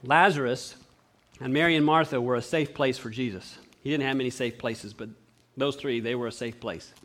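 A man preaching a sermon, animated and acting out the voices of the people he quotes. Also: mid-range voice, moderate pace. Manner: clears throat often.

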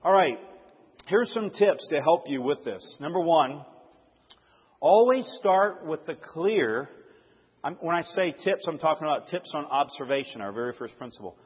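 Brief: husky, fairly high-voiced male preacher, emphatic call-and-response, dull echoey hall recording. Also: expressive, normal speed. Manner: emphatic, asks the crowd to fill in words; dynamic, swings from loud stresses to hushed asides. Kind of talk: sermon to a live audience.

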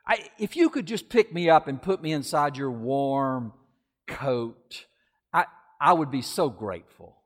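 A man's voice: mid-range voice, lively intonation, unhurried, lightly acted. A man voicing a sly, poisonous male snake that talks in a soothing, stammering, wheedling way, heard in an echoey hall.

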